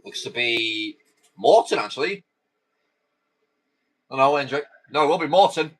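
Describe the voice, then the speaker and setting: A man's voice: medium pitch, a little slow, long pauses, a bit bright, rough recording. Chatty male game commentator. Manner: chatty, rambling asides between calls. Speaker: host. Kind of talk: live football game commentary.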